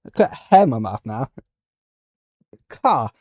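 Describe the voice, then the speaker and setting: A man's voice: medium pitch, very animated, slow, darkish tone, husky. A man on a live stream, ranting at his chat in a profane, mocking, hostile way. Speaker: livestreamer.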